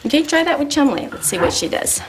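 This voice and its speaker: A woman explaining puppy handling in a calm, explanatory way during a lesson. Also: high-pitched, fast talker, slight background noise. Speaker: dog trainer.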